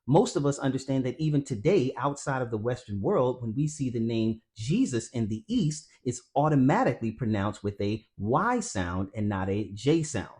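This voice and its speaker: A man's voice: medium pitch, animated, moderate pace, few pauses, a little mellow. A man giving a scripted Bible teaching narration, explaining carefully and calling his viewers family. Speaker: Christian teacher.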